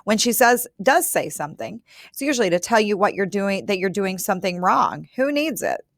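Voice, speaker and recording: A woman voicing a gossipy woman neighbor who grumbles quickly, her pitch climbing high as she complains. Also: expressive, dry recording, close to an everyday voice. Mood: complaining.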